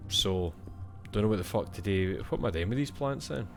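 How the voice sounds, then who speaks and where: A man's voice: lowish voice, lively intonation, brisk, gravelly, faint music behind. A young Scottish man playing a video game and thinking aloud in casual, swear-filled commentary. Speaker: gaming streamer.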